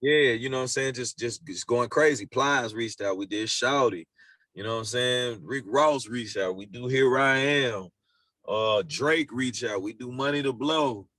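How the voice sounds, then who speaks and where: A relaxed man talking through studio memories in an unhurried way, leaning on slang and casual asides. His voice sits in an ordinary middle range. The sound is dry and close, with no room echo. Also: mid-range voice. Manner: laid-back storytelling with slang and repeated phrases. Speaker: music producer guest. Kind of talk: casual storytelling interview.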